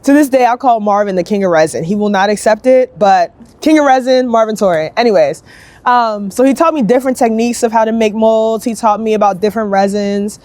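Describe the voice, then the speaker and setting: A young woman sculptor telling her story in a casual, upbeat interview, chatty and lively, acting out other people's lines as she goes. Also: a little high. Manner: chatty, upbeat, quick bursts, acts out quoted voices.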